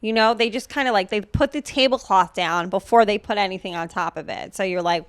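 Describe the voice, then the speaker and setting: A woman's voice: mid-range voice, brisk, few pauses, no echo, clean studio sound. Sarcastic, swearing woman podcast host. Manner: profane, sarcastic, lots of "like" fillers. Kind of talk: casual podcast chat.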